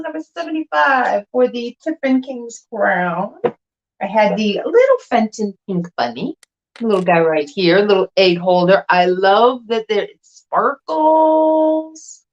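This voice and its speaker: A woman's voice: fairly high pitch, highs cut off. A woman chatting casually and enthusiastically while presenting items for sale, laughing often. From not from the South. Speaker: co-host glass seller. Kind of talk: casual live sale chat.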